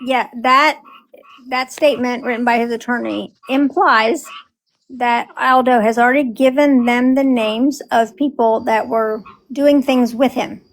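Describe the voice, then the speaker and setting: A woman's voice: on the high side, steady tone, a little slow, poor audio. A woman co-hosting a casual group discussion, explaining emphatically and acting out quotes.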